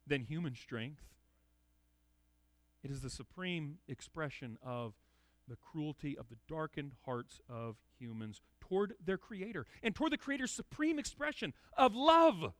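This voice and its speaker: Emphatic man preaching, bright dry voice. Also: fairly high pitch, animated, unhurried, no echo. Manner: earnest, emphatic, repeats words when restarting. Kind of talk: expository sermon.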